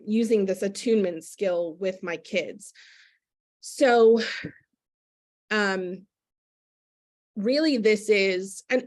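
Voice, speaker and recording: A woman speaking as a guest in a candid conversation, earnestly and reflectively explaining parenting step by step. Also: mid-range voice.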